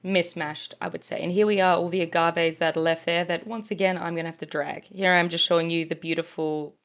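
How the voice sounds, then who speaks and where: Young woman, kinda english kinda aussie accent, rambly vlog voiceover, lowish voice with some fry. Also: level tone, brisk. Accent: mixed English and Australian. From Australia. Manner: chatty and rambling, self-deprecating. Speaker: vlogger. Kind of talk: casual voice-over narration.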